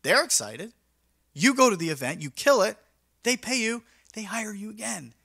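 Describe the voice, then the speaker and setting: A man's voice: high-pitched, animated, normal speed, vocal fry, sharp tone, slightly rough. A young man, a mobile DJ, talking casually and energetically in a vlog, acting out his talks with clients in a slangy, upbeat way. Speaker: mobile DJ and vlogger.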